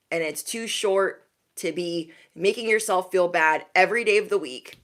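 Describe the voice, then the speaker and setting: A young adult woman giving a spiritual reading to her viewers in a chatty style, calling them bestie and acting out quick asides. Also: fairly low pitch, fairly bright tone. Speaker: intuitive reader.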